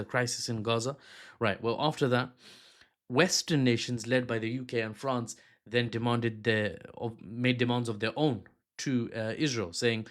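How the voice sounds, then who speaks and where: Joking male political commentator. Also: medium pitch. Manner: jokey, breaks off into silly asides and apologies. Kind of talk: casual news commentary. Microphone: handheld or desk mic.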